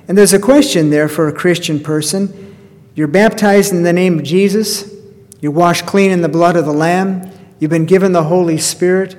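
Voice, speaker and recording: A man's voice: high-pitched, moderate pace, darkish tone. A pastor preaching a sermon in a folksy storytelling way, asking his listeners rhetorical questions. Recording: reverberant church hall.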